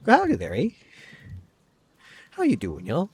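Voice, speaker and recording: A man voicing a stranded, folksy rural traveler in a deliberately bad rural Canadian accent. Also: on the high side, huge pitch swings, a little mellow, breathy edge, voice pushed up, exaggerated voice. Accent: put-on rural Canadian. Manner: laughably bad, over-the-top folksy.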